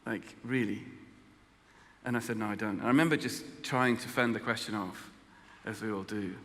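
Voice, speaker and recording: An English man tells a personal story in a halting, self-mocking way, often stopping to restart his sentences. His voice is bright and forward. The talk carries a long reverb, as if recorded in a large hall. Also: fairly low pitch, steady tone. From England. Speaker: guest speaker.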